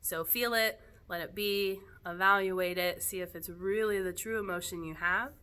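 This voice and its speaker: A woman yoga teacher speaking casually to her students in a gentle, reflective way, laughing softly now and then. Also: medium pitch, fairly even intonation, normal speed, smooth. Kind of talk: casual spoken talk to students.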